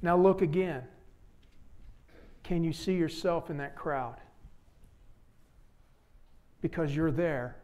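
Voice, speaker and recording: High-voiced man preaching a dramatic sermon. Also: takes it slowly, pauses often. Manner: dramatic, swings between hushed appeals and raised exclamations. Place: church sanctuary.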